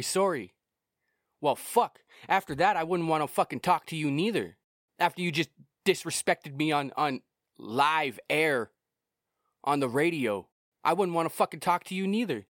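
A man's voice: a little high, dry recording, clean studio sound. A young man hosting his own podcast, ranting heatedly with lots of swearing and repeated words. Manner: heated, profane, repetitive. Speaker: podcast host and musician. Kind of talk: solo podcast rant.

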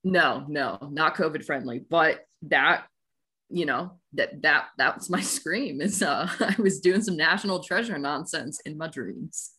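A young woman in her twenties with a low, husky voice and a sharp tone speaks at a measured pace. Co-hosting a casual podcast, she tells stories playfully and corrects herself along the way.

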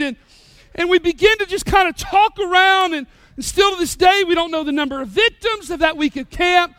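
A male pastor delivers a sermon, swinging between animated jokes and earnest points. His voice sits unusually high and sounds bright and forceful. The recording is dry, with almost no room sound. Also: a little fast, dry recording. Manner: animated, joking storyteller.

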